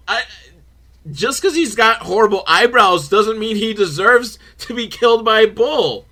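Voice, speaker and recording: A young man recapping a film for laughs in an animated, swearing manner, slipping into voices for the characters. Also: very high voice. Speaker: host reacting to a film.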